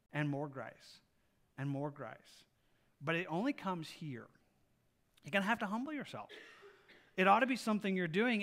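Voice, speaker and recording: A male pastor preaching a sermon with lively delivery, acting out little scenes of people praying and God answering. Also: high voice. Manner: animated preaching, acts out voices of people praying.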